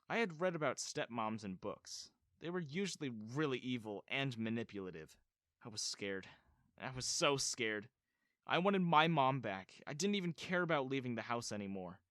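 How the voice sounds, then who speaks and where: A man narrating an animated story in the first person, telling it expressively. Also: mid-range voice, moderate pace, no echo, studio quality.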